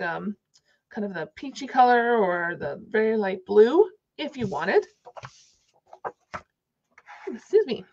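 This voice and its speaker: A woman's voice: on the high side, highs cut off. A woman giving a casual, chatty crafting tutorial, thinking aloud as she works. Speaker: card-making demonstrator.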